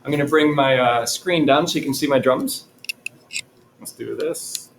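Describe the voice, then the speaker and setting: A male music teacher giving a patient, clear drumming lesson in a classroom, chanting rhythms for his students. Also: medium pitch, normal speed, roomy sound, background noise. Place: classroom with a chalkboard.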